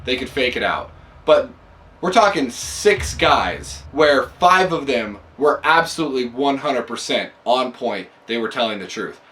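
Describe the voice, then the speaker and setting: A man's voice: medium pitch, animated, unhurried, a bit bright, distant mic, poor audio. A man voicing a polygraph examiner who is sure of his results and speaks insistently.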